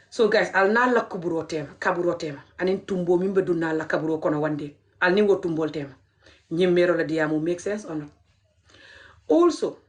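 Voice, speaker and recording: A woman talking straight to her viewers in an impassioned commentary vlog. She mixes English with her local language, repeats phrases and keeps urging people to share. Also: on the low side. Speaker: video commentator.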